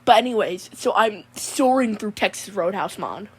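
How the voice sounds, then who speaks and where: Doing a comedic character monologue, a woman puts on a goofy, easygoing young guy with a mullet who drawls, rambles, and keeps calling everyone "mon." Her voice is husky and medium in pitch, with lively intonation and a moderate pace.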